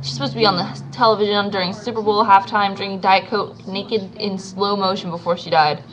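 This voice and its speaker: A woman's voice: mid-range voice, steady tone, brisk, slight background noise, natural voice, poor audio. A woman voicing a vain, dramatic young woman who is dying, hammy and theatrical. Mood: pleading.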